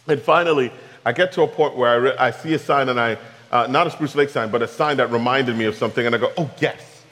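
A man's voice: mid-range voice, a little fast, a bit bright. Male preacher in a reverberant hall. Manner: storytelling with rhetorical questions to the audience. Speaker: pastor. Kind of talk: sermon.

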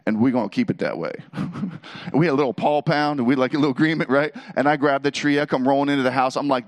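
A man's voice: mid-range voice, quick pace. A middle-aged man telling a humorous personal story to an audience, acting out the voices and laughing as he goes. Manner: animated, acts out quoted voices, laughs between lines.

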